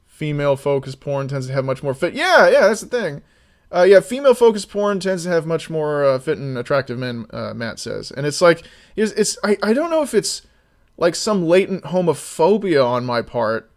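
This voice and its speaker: A man talking casually on a live stream, rambling with many restarts and sometimes getting loud and exasperated. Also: on the high side, big pitch swings, moderate pace.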